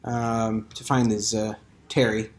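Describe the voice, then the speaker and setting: A man narrating a tabletop role-playing game as game master, halting and full of fillers as he checks his notes. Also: lowish voice, little pitch movement.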